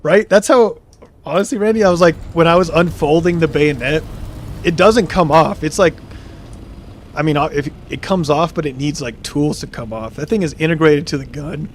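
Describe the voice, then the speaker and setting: A man's voice: fairly high pitch, normal speed, a little hiss or hum. Chatty young man telling a story. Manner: animated, reads chat comments aloud, laughs often. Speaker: streamer. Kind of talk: casual livestream storytelling.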